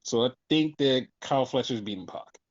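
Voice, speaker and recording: A man chats casually as a podcast host, breaking down wrestling shows with animated, profane energy. He slips into quoted voices as he tells the story, and the audio sounds dull and lo-fi. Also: mid-range voice, moderate pace. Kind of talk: casual chat.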